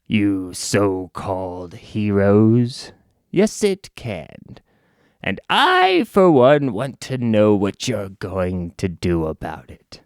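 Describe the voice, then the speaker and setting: A man voicing a shadowy, grandiose alien villain who mocks heroes in a slow, sneering way. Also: fairly low pitch, huge pitch swings, smooth, dry recording, studio quality, pitched below the performer's own voice, heavily acted. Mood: taunting.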